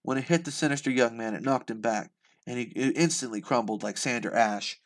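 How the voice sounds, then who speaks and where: A man reading a novel aloud live for the first time, expressive, with slips and restarts. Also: mid-range voice, a little fast. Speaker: channel host reading aloud.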